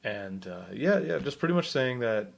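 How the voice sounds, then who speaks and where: A man's voice: mid-range voice, very animated, normal speed, creaky. Rambling young male gaming vlogger. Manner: chatty and rambling, self-correcting, asks viewers questions. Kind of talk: casual video game news vlog.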